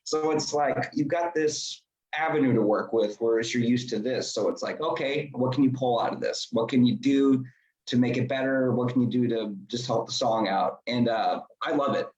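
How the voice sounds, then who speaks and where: A male band member talking casually about making a record, relaxed and rambling. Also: mid-range voice, normal speed, roomy sound, dull audio. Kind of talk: casual interview talk.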